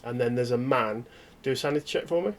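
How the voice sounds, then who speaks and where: A man narrating a tabletop horror game as game master, in halting, descriptive storytelling. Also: medium pitch.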